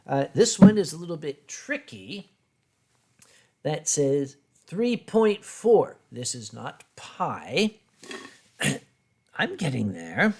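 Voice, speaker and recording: A man hosting a casual live stream, reading viewer questions aloud and answering with dry, clipped remarks. His voice sits a little high for a man. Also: sing-song, slow, long pauses, darkish tone, husky. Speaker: host. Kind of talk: casual chat on a drinking stream.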